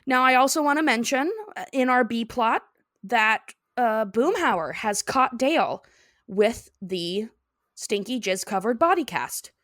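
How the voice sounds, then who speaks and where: A woman's voice: on the high side, lively intonation, a little slow, fairly bright tone, dry recording, clean studio sound. A woman co-hosting a podcast, animatedly recapping a cartoon episode and laughing often. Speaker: podcast co-host.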